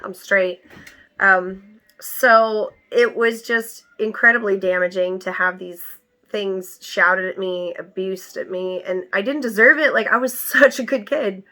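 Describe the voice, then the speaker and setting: Bright-voiced young woman telling her story. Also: medium pitch. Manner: candid, emphatic, animated retelling. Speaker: vlogger. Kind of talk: personal storytelling to camera.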